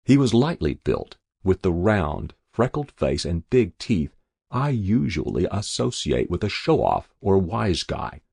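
A man's voice: deep voice, sing-song, unhurried, vocal fry, a little mellow, breathy edge, no echo. A man reading a first-person story aloud in a dry narrator's voice. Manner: dry first-person narration, voicing each figure lightly.

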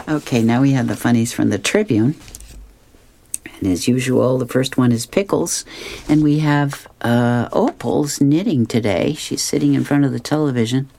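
A man's voice: medium pitch, moderate pace, vocal fry, darkish tone. A man reading comic strips aloud, describing each panel and chuckling often. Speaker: reader.

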